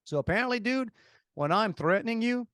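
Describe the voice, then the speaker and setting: Animated Cajun man telling a story. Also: high-pitched, fairly quick, clear, resonant tone, dry recording, studio quality. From Louisiana. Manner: animated, rambling storyteller with many restarts. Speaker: podcast co-host. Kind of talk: casual storytelling.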